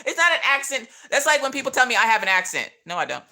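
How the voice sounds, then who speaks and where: A woman's voice: fairly high pitch, sing-song, quick pace, pushed and bright, slight background noise. Sassy Southern woman chatting on stream. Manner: chatty, sassy, laughs often, jokey asides. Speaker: craft livestream host. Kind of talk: casual chat while coloring.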